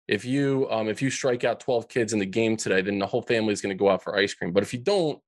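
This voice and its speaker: Speaking at a quick pace in a lowish voice, a man recounts a painful childhood memory during a podcast interview. He's earnest and frequently restarts his sentences, and the sound has no echo.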